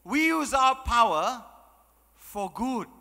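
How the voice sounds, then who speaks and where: A man's voice: very high-pitched, lively intonation, takes it slowly, vocal fry, bright, forceful tone, long reverb tail. A man giving a chatty, joking motivational talk, full of "you know"s. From Malaysia. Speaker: motivational speaker. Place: large hall.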